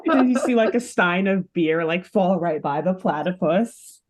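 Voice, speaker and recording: A woman's voice: lowish voice, measured pace, darkish tone. A woman co-hosting a podcast, riffing on jokes with her partner and laughing often. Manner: giggly, riffs on jokes, frequent laughs. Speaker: podcast co-host. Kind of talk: casual chat.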